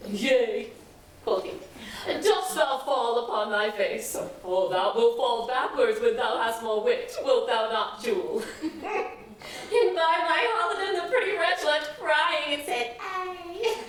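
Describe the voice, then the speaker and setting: A woman's voice: high voice, slow pace. A woman playing a chattering old nurse who rambles and laughs often, in a stage play. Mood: fond rambling. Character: chattering old female nurse, bawdy and fond. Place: theater stage. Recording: echoey stage miked from far off.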